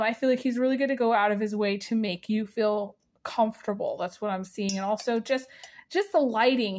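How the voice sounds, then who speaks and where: A woman giving a casual spiritual tea reading, rambling with many fillers and breaking into giggles. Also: fairly high pitch. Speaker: tea leaf reader.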